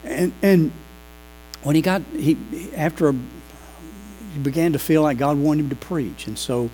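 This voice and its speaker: A pastor preaching a sermon, telling lively stories and acting out the people in them. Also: male voice, fairly high pitch, unhurried, slight background noise, rough recording. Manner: animated, acts out quoted voices. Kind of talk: sermon with storytelling.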